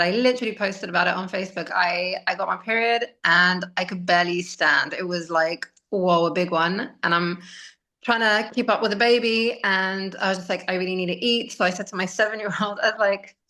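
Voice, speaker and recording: A woman's voice: fairly low pitch, bright, forceful tone. A woman in her thirties, a podcast guest, telling personal stories in a casual and emotional way, laughing often. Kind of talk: casual conversational storytelling.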